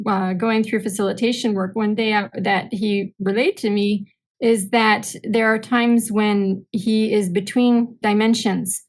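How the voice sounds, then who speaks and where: A woman's voice: mid-range voice, rough recording. A woman guest on a podcast, telling anecdotes animatedly and acting out bits of dialogue. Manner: animated storyteller, acts out dialogue. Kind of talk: casual conversational interview.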